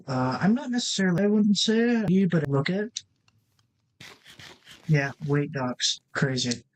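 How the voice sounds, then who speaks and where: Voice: medium pitch, animated, measured pace, long pauses, low-quality recording. Rambling let's-play host thinking aloud. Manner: talks straight to viewers. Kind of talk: casual gameplay commentary.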